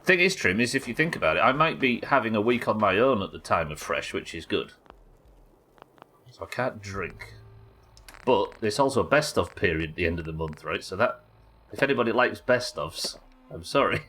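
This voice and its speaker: A man's voice: fairly low pitch, lively intonation, normal speed, pushed and bright, slightly rough. A young man streaming a game live, chatting casually and rambling, swearing and reacting aloud as he plays. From United Kingdom. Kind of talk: live gameplay commentary.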